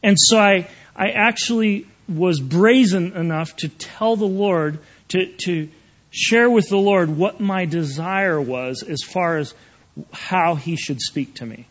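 A man's voice: high voice, takes it slowly, lo-fi sound. A man preaching an earnest, conversational sermon, often checking in with his listeners.

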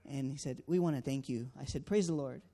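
A medium-pitched, dark-toned male voice moves a little quickly. Filling his speech with fillers, he gives an earnest account of his days canvassing door to door and performs the exchanges he had.

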